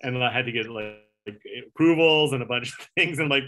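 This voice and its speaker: His voice is medium-pitched and sharp, a little fast with few pauses. The speaker, a middle-aged man who produced late-night segments, rambles through a long anecdote in a casual interview, swearing, using many fillers, and acting out quotes.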